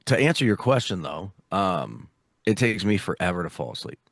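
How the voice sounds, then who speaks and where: A man with a very low voice chats loosely on a podcast, dropping "dude" and the odd curse word. The sound is dry and close, with no room around it. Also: very animated, normal speed, gravelly, no echo. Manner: swears casually, says "dude" a lot. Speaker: podcast co-host. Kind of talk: casual chat.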